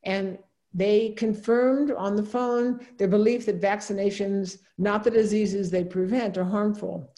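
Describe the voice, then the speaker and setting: A woman's voice: medium pitch, steady tone, a little slow, mellow. A woman giving a lecture, talking her audience through slides in a loose, conversational way with frequent asides and fillers.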